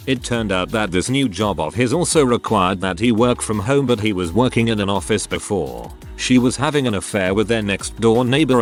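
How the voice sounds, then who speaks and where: A man with a lowish voice reads a run of short stories aloud. His delivery is even and matter-of-fact, with faint music playing underneath. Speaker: narrator reading online stories. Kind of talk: scripted narration.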